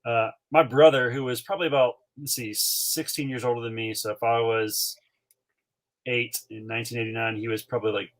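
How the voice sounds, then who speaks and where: A man in his forties from North Carolina, co-hosting a podcast and telling a childhood story in an animated way, with many fillers. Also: medium pitch, a little fast. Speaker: podcast co-host. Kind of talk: casual storytelling chat.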